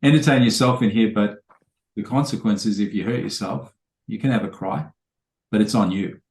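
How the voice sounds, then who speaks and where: A man's voice: fairly low pitch, brisk, darkish tone, reverberant. A man, a trainer telling rambling anecdotes full of quoted dialogue in a casual podcast interview.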